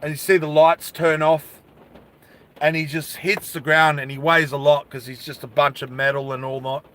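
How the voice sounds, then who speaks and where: A man telling a story in a casual vlog, animated, with asides to his viewers. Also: on the high side, moderate pace.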